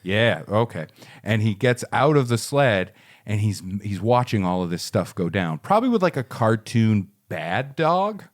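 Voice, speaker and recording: A man co-hosting a podcast, rambling through a story pitch in casual chat and briefly acting out the characters' lines. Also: big pitch swings, unhurried.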